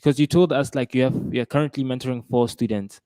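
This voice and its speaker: A man's voice: medium pitch, brisk, dark tone, clear, resonant tone, no room sound. A man co-hosting a casual interview, jokey and a bit hesitant. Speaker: co-host.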